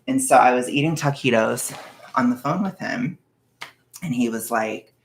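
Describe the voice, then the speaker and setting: A young man talks through a casual storytime vlog, his voice carrying a gravelly fry. He rambles along, stacking fillers and restarts as he goes. The sound bounces around an echoey room. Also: mid-range voice, normal speed, far from the mic. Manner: rambling, filler-heavy storytelling with frequent "like" and "blah, blah". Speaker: vlogger.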